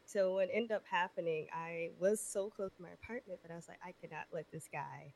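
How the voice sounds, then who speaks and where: A woman in her twenties telling a story in casual chat, animated and profane, acting out the people in it. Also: on the low side, a little fast, vocal fry. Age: 20s. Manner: animated, profane, acts out voices in her stories.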